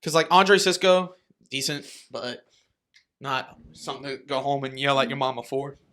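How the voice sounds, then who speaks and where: A man's voice: mid-range voice, fairly even intonation, normal speed, a bit bright. A young man co-hosting a podcast, chatting casually about football, swearing a lot and laughing often. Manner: profane, joking, laughs often. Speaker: podcast co-host. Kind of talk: casual chat.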